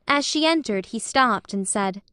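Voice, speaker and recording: A woman narrating a classic novel as an audiobook in a measured, expressive way. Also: on the high side, dry recording, clean studio sound.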